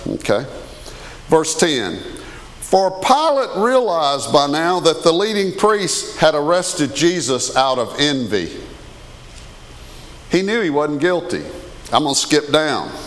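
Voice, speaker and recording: A man's voice: on the high side, expressive, a little slow, fairly bright tone. A man, preaching a conversational sermon as a pastor and often asking the congregation questions. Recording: long hall reverb.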